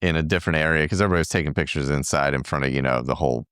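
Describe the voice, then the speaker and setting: Deep-voiced man telling a rambling story. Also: racing, fairly bright tone, clear, resonant tone, no room sound, clean studio sound. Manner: rambling, filler-heavy storytelling. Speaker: podcast co-host. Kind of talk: casual chat.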